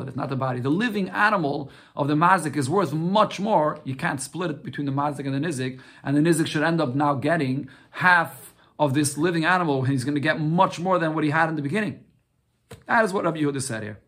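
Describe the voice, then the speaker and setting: Higher-pitched man teaching Talmud. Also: fairly bright tone. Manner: explains step by step, mixing Aramaic phrases with English; rhetorical questions answered himself. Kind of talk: Talmud lesson.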